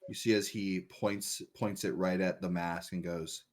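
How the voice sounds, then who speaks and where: A man narrating a tabletop game as game master, slow and deliberate with many fillers. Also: low voice, fairly even intonation.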